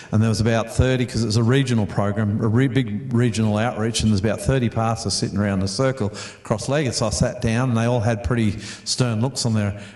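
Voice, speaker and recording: Preaching a storytelling sermon, this middle-aged Australian pastor speaks in a mid-range, somewhat dark voice that reverberates around him. He chats with the congregation, repeating words and posing questions to them.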